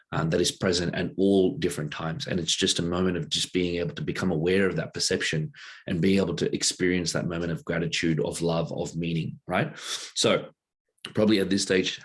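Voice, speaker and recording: A man with a very low, husky voice gives a relaxed teaching talk. He speaks loosely and conversationally, checking in with the listener again and again while sketching a diagram to explain his point. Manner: loose and conversational, many fillers and rhetorical "right?". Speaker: workshop presenter.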